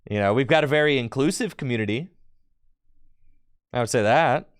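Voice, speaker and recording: Male streamer, smooth clear voice, dry close sound, laid-back banter with chat. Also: mid-range voice, expressive, normal speed, dry recording. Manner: chatty, talks back to viewers in chat. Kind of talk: casual live-stream chat while playing a card game.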